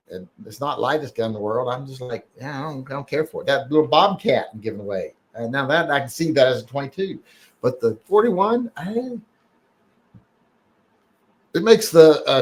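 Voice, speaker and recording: A man hosts a casual live stream, reading out emails and chat messages. He rambles and cracks jokes, stopping and restarting often, with a voice of ordinary middle pitch. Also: lively intonation, normal speed. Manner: rambling, joking, many fillers and restarts.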